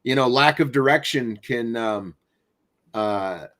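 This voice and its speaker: A man's voice: mid-range voice, takes it slowly. Casual male gaming podcast host. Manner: relaxed, rambling with restarts.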